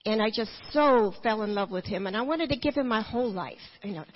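A woman tells her personal story of faith to a church gathering, earnest and full of restarts. Her voice sits a little high and sounds husky. The recording is dull and muffled. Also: expressive, fairly quick, big-room sound. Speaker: testimony speaker.

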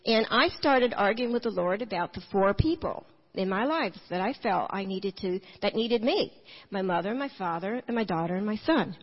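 A woman's voice: medium pitch, animated, moderate pace, husky. A woman giving a personal testimony in church, telling her story with humor and acting out the dialogue. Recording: dull, echoey church hall recording.

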